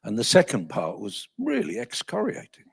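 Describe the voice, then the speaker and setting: A man in his seventies telling an animated story at a talk, his voice failing and strained, chatty and self-deprecating. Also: on the high side, moderate pace, gravelly, breathy edge. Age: 70s. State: voice failing, coughing. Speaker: guest speaker.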